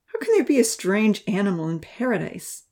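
A woman's voice: mid-range voice, wildly swooping pitch, normal speed, mellow. A woman voicing a curious, skeptical young girl in a storybook reading, asking questions.

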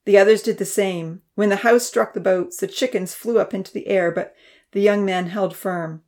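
A woman narrating a children's storybook, voicing the characters with a higher pitch and dropping to a whisper for quiet thoughts. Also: steady tone, normal speed. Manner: reads characters' lines with raised pitch and soft whispers.

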